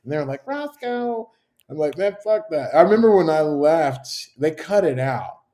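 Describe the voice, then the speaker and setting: A man's voice: a little high, moderate pace, warm tone. A man talking as a chef guest on a podcast, telling stories casually, swearing a lot and acting out what others said. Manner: profane, storytelling, acts out quotes. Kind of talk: casual chat.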